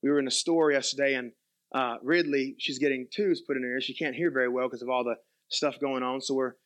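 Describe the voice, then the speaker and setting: A young male pastor, preaching a sermon in an animated way, dropping to quiet asides and rising to loud emphatic peaks. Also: mid-range voice, fairly quick.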